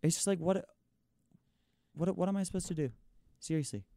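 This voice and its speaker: A man's voice: sits high, a little fast, vocal fry, dark tone, slight background noise. A young man hosting a college radio show, venting in a frustrated rant full of "like" and "it's like". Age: young adult. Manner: exasperated ranting, frequent "like" and "it's like". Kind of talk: venting on air.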